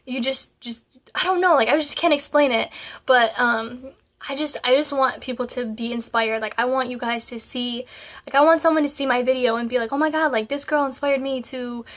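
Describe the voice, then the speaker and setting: A woman's voice: fairly high pitch, fairly bright tone. A young woman talking to her viewers in a casual vlog, rambling and heartfelt, with lots of fillers and tears coming through. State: tearful, crying at times. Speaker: YouTuber. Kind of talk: casual vlog talk to camera.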